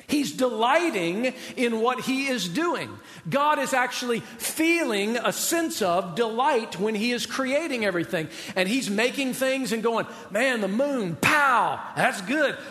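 A man's voice: extremely high pitch, expressive, unhurried, fairly bright tone, big-room sound. A man preaching a sermon in a conversational way, often asking the audience questions. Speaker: pastor.

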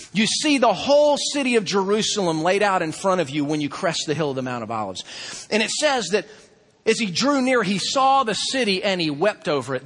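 Husky, high-voiced animated preacher man. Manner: animated, acts out crowd voices, swings from loud to hushed. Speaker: pastor. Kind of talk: sermon.

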